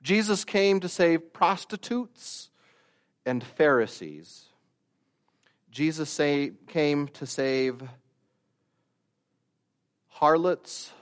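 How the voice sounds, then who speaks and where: A man preaching a sermon, slow and deliberate, rising to loud emphatic peaks and dropping to quiet asides. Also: fairly high pitch. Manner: slow, deliberate delivery with long pauses.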